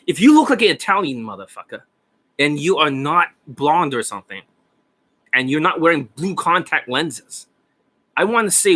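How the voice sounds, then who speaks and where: A man's voice: fairly high pitch, sing-song, normal speed, pushed and bright, husky. A man who is a dating coach, talking in a rambling, profane, casual way and laughing often. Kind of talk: casual rambling livestream talk.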